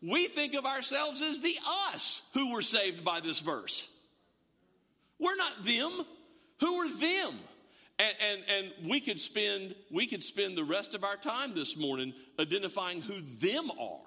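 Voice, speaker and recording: A man's voice: sits high, very animated, a little slow, bright, forceful tone, long reverb tail. A man preaching a sermon to a congregation, emphatic and often repeating words as he builds a point. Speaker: pastor.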